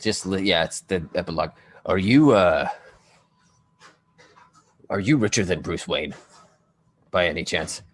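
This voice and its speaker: A performer voicing Batman, who questions party guests in slow, growled lines during an improvised murder-mystery comedy. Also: deep voice, slight background noise. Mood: gruff. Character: gruff deep-voiced Batman questioning guests.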